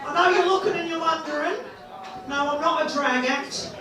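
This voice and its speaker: A woman's voice: high voice, brisk, a loud crowd, very noisy. A woman doing a bawdy, self-mocking stand-up comedy set on stage, born in England and raised in Australia. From born in England, grew up in Australia. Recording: roomy live venue from a distance, audience laughter.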